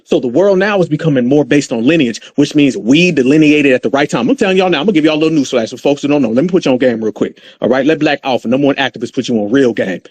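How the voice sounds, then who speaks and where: A man's voice: medium pitch, very fast, few pauses, a little mellow. A middle-aged man with an African American English accent, hosting a heated, profane political rant show. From United States. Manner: heated, profane, preacher-like ranting. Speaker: commentary show host.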